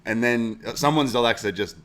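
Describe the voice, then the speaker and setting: A man's voice: mid-range voice, brisk, a bit bright. A man co-hosting a podcast, telling rambling stories in a casual chat, swearing and laughing as he goes. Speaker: podcast co-host.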